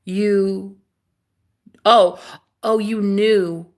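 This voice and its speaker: A woman chatting casually on a live stream, dramatic and gushing, swinging from loud exclamations to hushed asides. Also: medium pitch, fairly even intonation, drawn-out words.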